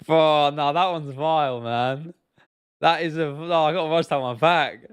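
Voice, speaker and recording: A man's voice: a little high, a little slow, clean tone, dry recording, clean studio sound. Blunt, slangy young British man streaming. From United Kingdom. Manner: blunt, slangy, swears freely, trails off into restarts. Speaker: livestream host. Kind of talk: casual livestream Q&A chat.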